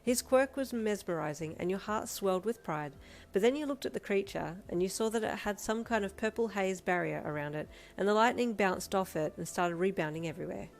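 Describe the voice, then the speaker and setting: A woman narrating second-person fanfiction in a steady, gentle storytelling manner. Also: mid-range voice, fairly quick, creaky. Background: soft backing music.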